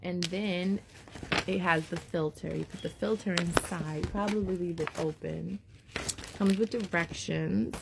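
A woman's voice: on the low side, fairly even intonation, a little slow, gravelly, heavy background noise. A woman vlogger chatting casually and rambling to her viewers as she unboxes something, a little out of breath.

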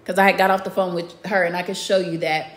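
A woman telling a story in casual chat. She talks emphatically, often ends points with "period", and swings between hushed asides and loud bursts. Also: lowish voice, level tone, quick pace.

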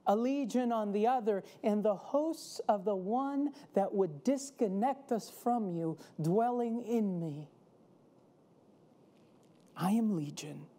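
A fearful outcast man, possessed and desperate, as a woman preacher puts him on. The voice pleads slowly and softly, mellow and unhurried, never rising to a shout. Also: mid-range voice.

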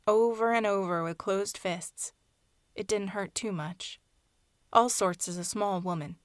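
A woman reads fiction aloud in a soft, hushed, measured voice. Her pitch sits in the ordinary middle range. The recording is dry and close, with no echo. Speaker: audiobook narrator. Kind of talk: scripted fiction narration.

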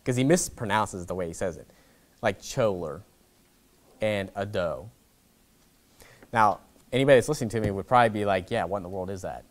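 A man's voice: lowish voice, very fast. A man, a pastor teaching a Bible class in a blunt, combative, conversational way, with frequent "okay?" asides.

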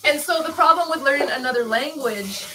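A woman's voice: sits high, brisk, distant mic, background noise. A woman from Canada chatting casually on a live cooking stream, with lots of "like" and easy laughter. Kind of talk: casual chat. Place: home kitchen.

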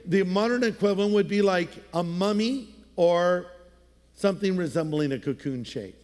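High-voiced pastor preaching in a hall. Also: male voice, moderate pace, a little mellow. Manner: conversational storytelling with playful voices. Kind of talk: sermon.

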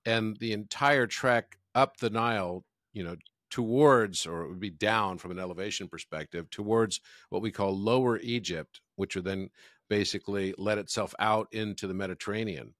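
A man hosts a podcast conversation in a reflective, measured manner. His voice sits a little low, and it is recorded dry and close with no room sound. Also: fairly bright tone, no echo. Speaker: podcast host.

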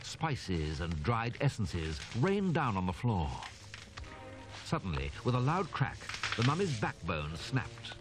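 A man narrating a horror audiobook in a grave, measured way. His very deep voice moves expressively, with clear music underneath. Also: wildly swooping pitch. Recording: narration over background music.

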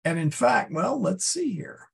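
A man teaching a Latin class, explaining step by step and thinking aloud with many pauses and fillers. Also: sits high, big pitch swings, vocal fry, breathy edge. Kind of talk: classroom lesson.

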